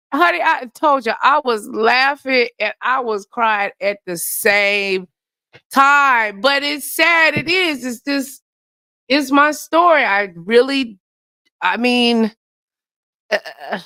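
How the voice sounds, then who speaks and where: A woman with a high, bright voice hosts her own live chat, recorded dry and close. She speaks haltingly, restarting her sentences as she reflects. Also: no room sound. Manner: hesitant, halting, self-reflective. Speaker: channel host.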